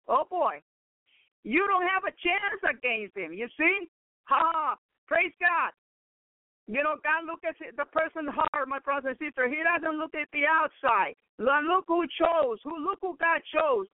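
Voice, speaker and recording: A man's voice: very high-pitched, unhurried, dry recording. A man preaching, reading scripture aloud and breaking in with exclamations of praise and laughter. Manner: exclaims praise and laughs between read passages. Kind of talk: sermon reading and commenting on scripture. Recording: tinny phone-line radio broadcast.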